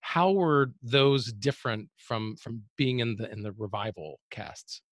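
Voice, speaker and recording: A man hosts an interview and speaks in a hesitant way, often restarting his words. His voice sounds dry and close to the mic. His pitch sits in the middle of the male range. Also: lively intonation, unhurried, no echo. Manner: hesitant, stammering. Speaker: podcast host.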